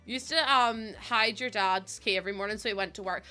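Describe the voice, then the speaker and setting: In a casual live stream, a young woman with a medium-pitched voice talks fairly quickly, her tone pushed and bright. She's chatty and giggling as she welcomes viewers, though she sounds sniffly and on the verge of crying.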